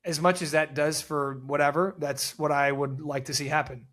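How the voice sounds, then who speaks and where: A man co-hosting a sports podcast, chatting casually and telling animated stories with blunt, profane opinions. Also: fairly high pitch, moderate pace. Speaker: podcast co-host.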